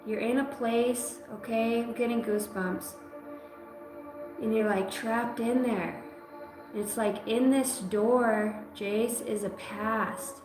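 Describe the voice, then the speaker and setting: A woman giving a live psychic reading, talking emotionally in halting phrases that break off mid-sentence. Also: on the high side, fairly even intonation. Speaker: psychic reader. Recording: roomy sound with music behind.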